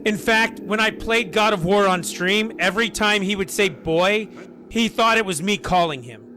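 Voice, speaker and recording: A man in his forties with a hoarse, scratchy voice after being sick, chatting casually and rambling to viewers during a game stream at home. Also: sits high, moderate pace, sharp tone. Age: 40s. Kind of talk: casual live-stream chat.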